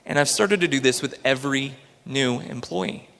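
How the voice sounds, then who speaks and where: Male speaker, gravelly, slightly high voice, inspirational talk, reverberant auditorium. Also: normal speed, fairly bright tone. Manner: earnest and storytelling. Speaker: entrepreneur giving a talk. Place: large auditorium stage.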